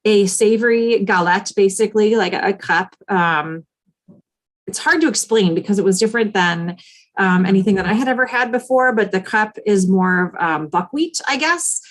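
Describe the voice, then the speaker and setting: A woman's voice: medium pitch, normal speed. A woman from the United States co-hosting a casual travel podcast, chatting in an easygoing way with frequent ums and a ready laugh. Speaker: podcast co-host, travel planner. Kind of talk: casual chat.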